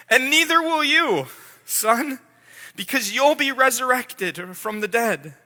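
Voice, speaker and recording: A man's voice: high-pitched, bright, forceful tone, exaggerated voice. A pastor voicing God pleading with his son. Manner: intense, pleading, repeats words. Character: God the Father speaking tenderly to his son. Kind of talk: dramatic sermon role-play. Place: church sanctuary. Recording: long church hall reverb.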